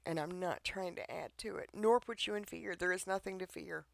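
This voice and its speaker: A man's voice: high voice, moderate pace, gravelly, no echo, clean studio sound. A man preaching an informal devotional talk online, earnest and pleading, who keeps checking in with his listeners.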